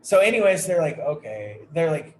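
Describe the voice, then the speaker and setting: A man's voice: on the high side, sing-song, moderate pace. A man hosting a podcast, telling a long, rambling story full of swearing in a casual chat. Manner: rambling, heavily profane storytelling. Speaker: podcast host. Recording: echoey room with faint noise.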